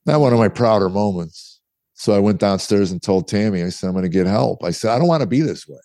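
A man's voice: lowish voice, expressive, quick pace, warm tone, no room sound. A middle-aged man, a guest author, telling his story candidly in conversation and acting out the dialogue he quotes. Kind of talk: interview storytelling.

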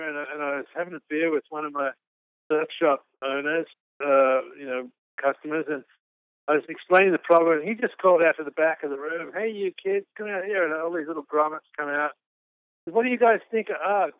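A man's voice: a little high, smooth, no echo. A man from Australia, a business founder, telling his story in an interview, rambling and restarting often. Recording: phone-like narrow-band line.

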